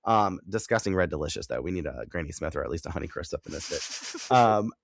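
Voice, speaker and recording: A man co-hosting a podcast, recapping an episode in casual chat that is animated and full of cursing. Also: extremely low pitch, gravelly, no room sound. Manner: animated, profane, quick-talking. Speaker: podcast co-host.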